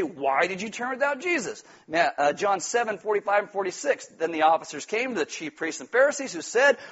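A male pastor, around his forties, preaching an animated, joking sermon and acting out quotes in loud put-on voices. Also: high voice, breathy edge. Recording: dull lo-fi sound.

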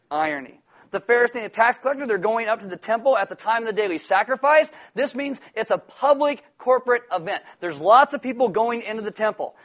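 High-voiced animated male preacher. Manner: animated, acts out quoted voices. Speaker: pastor. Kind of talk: sermon.

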